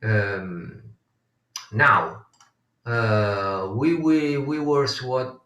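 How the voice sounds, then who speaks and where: A man leads a live konnakol rhythm lesson, counting beats aloud in a slow, unhurried way. His voice has a bright edge and sits a little away from the mic in a roomy space. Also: medium pitch. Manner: counting beats aloud, patient explaining with frequent fillers. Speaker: konnakol workshop teacher. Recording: roomy distant mic sound.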